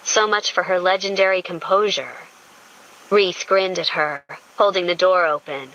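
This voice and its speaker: A woman reading a romance audiobook in a smooth, intimate storytelling manner. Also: lowish voice, normal speed, a bit bright, dull audio. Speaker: audiobook narrator. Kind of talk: scripted romance narration.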